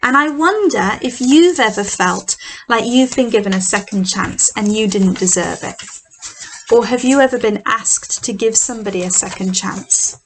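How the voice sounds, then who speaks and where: A middle-aged woman leading a children's church session, telling a Bible story with props in an animated, expressive way. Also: on the high side, normal speed, a little hiss or hum, low-quality recording.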